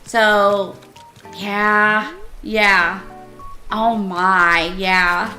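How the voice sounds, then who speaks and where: A woman streaming herself playing a cozy game, chatting casually with viewers and gushing with excitement over what she builds. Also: mid-range voice, very slow, faint music behind. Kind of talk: casual live-stream chat while playing.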